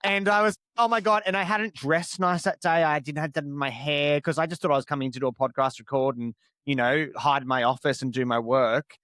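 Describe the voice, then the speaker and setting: A man's voice: on the high side, fairly even intonation, fairly quick, hardly any pauses, fairly bright tone, dry recording, studio quality. A man, a podcast guest, chatting casually and laughing often as he tells stories. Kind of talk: casual chat.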